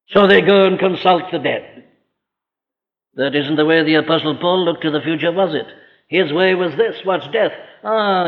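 A man preaching a sermon, emphatic and rhetorical, slowing down to quote scripture. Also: fairly high pitch. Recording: old lo-fi recording in a reverberant hall.

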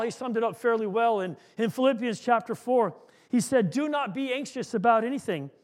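A male pastor preaching an earnest sermon, repeating words as he goes and acting out a story. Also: very high-pitched.

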